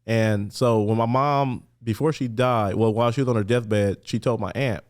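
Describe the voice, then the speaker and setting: A man's voice: mid-range voice, normal speed. A man from Los Angeles, a podcast guest, telling his story conversationally with lots of "like" fillers and acted-out voices for the people he quotes. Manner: animated, acts out quoted voices, many "like" fillers.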